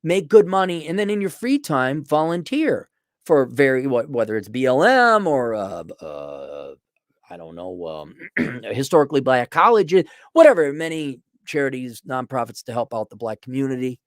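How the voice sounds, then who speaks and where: A man's voice: mid-range voice, big pitch swings, normal speed, no echo, studio quality. A middle-aged man delivering a sarcastic, ranting opinion monologue as a podcast host. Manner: sarcastic, ranting, mocking voices.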